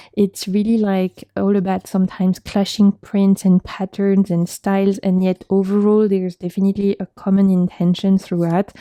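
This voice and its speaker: Woman, French accent, casual vlog chat, chatty and friendly, very mellow voice. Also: mid-range voice, no echo. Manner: chatty, warm thanks, frequent laughs. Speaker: tarot video creator.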